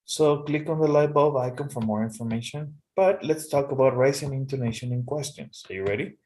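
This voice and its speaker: A man teaching a casual one-on-one English lesson, patient and relaxed, often checking in with "okay". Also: medium pitch, a little fast, slight background noise.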